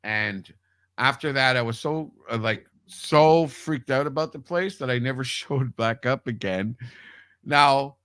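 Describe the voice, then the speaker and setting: A man's voice: medium pitch, unhurried, a bit bright, smooth, dry recording. A man telling a long personal story in casual radio chat, rambling with restarts and swearing freely. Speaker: radio show guest.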